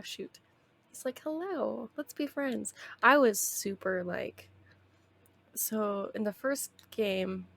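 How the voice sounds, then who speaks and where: A woman's voice: medium pitch, creaky. A young woman streaming a video game, chatting casually in a rambling way and laughing often.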